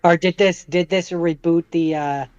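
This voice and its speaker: A man co-hosting a podcast over a remote call, chatting casually about movies in a measured way. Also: fairly high pitch, fairly even intonation, a little mellow, smooth, muffled recording. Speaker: podcast co-host.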